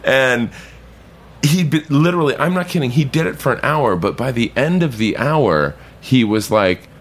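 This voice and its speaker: A man's voice: mid-range voice, normal speed. A man, a bartender guest on a podcast, telling a rambling anecdote casually, swearing and acting out other people's lines. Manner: animated anecdote-teller, swears, acts out others' voices.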